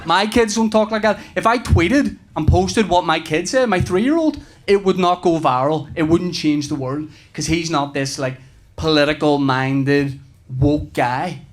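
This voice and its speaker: A man's voice: fairly high pitch, a little slow. A male stand-up comedian and father telling chatty anecdotes and acting out dialogue. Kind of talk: stand-up routine.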